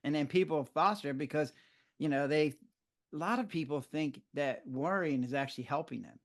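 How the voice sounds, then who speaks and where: Animated older man telling stories. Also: a little high, moderate pace. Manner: animated storyteller who acts out his own reactions. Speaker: physician guest. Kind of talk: conversational interview.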